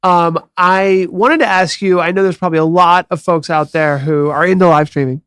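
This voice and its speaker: A man hosting a livestream interview, firing off quick stacked follow-up questions. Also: sits high, fairly even intonation, fairly bright tone, smooth, dry recording. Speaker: interview host.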